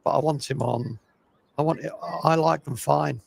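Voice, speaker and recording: An older man giving chatty, opinionated live cricket commentary, with a gravelly voice. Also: on the high side, normal speed. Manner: chatty, opinionated, self-deprecating.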